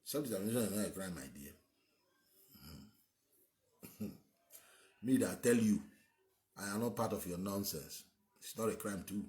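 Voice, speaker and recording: A man's voice: lowish voice, moderate pace, darkish tone. A man with a Nigerian accent, hosting and giving an emphatic, rambling opinionated monologue. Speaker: host.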